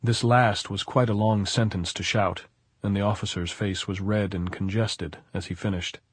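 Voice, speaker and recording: A man narrating an audiobook in a steady, even storytelling manner. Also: fairly low pitch, normal speed, slightly rough, no echo. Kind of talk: scripted narration.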